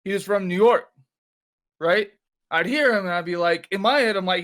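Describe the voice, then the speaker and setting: A man with a high-pitched voice tells a long, rambling anecdote. He swears freely and circles back on his points. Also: normal speed, fairly bright tone. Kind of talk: casual storytelling.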